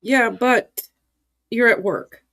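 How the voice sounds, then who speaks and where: A woman's voice: fairly high pitch, slow, a bit bright. A female livestream co-host giving blunt, no-nonsense opinions. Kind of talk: casual reaction chat.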